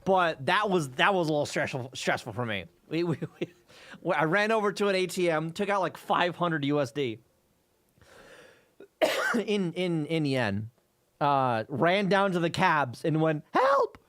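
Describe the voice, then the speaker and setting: A man's voice: fairly high pitch, expressive, measured pace, fairly bright tone, no room sound. A man livestreaming, casually telling rambling travel stories to his viewers with plenty of swearing. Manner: profane, rambling travel storytelling. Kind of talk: casual chat with stream viewers.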